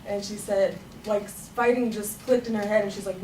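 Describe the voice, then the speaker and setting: A woman's voice: medium pitch, fairly even intonation, a little fast, darkish tone. A young woman telling a funny personal story in a chatty way, laughing as she goes. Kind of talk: personal story told to a room. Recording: echoey room, far from the mic, noisy.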